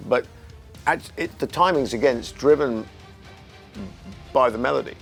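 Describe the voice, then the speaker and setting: A gravelly, mid-pitched middle-aged man with an English accent, recounting a studio story in an interview. He talks in an animated way, slipping into other people's voices and humming drum patterns. Faint music sits under his voice. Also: measured pace. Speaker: musician talking about his song. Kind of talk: relaxed anecdotal interview talk.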